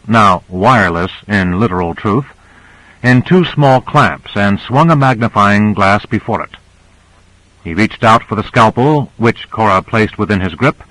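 Male audiobook narrator, measured and low, dry close recording. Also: fairly bright tone, dry recording, rough recording.

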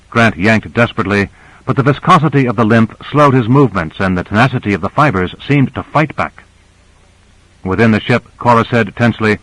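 A man narrating an audiobook in a steady, measured reading. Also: on the low side, no room sound, low-quality recording.

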